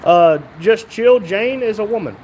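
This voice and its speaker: High-voiced man reading chat. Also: unhurried, a little mellow, a little hiss or hum. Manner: reads viewer comments aloud, joking. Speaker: livestream host reading chat. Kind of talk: casual livestream chat.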